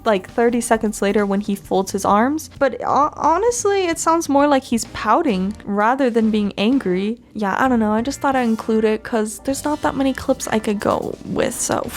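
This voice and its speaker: A woman's voice: on the high side, lively intonation, moderate pace. A woman hosting a casual fan commentary video, chatty and giggly, laughing often as she talks. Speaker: fan channel host.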